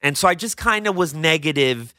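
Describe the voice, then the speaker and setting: A young man co-hosting a casual podcast, telling a story animatedly with his voice jumping high when excited. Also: brisk, dry recording, clean studio sound. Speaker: co-host.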